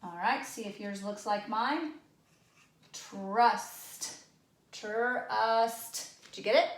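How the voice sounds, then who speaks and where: A woman leads a spelling lesson for children, her voice sitting a little high as she builds little guessing games around everyday objects. The room around her is echoey. She talks in a patient, playful way. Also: very slow. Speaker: teacher.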